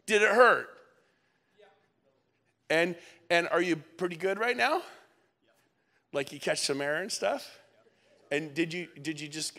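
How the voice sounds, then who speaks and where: Energetic man, bright high voice, motivational speech at an event, peppers the audience with questions. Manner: energetic, punchy, quizzes the crowd with rapid questions. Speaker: motivational speaker. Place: event hall.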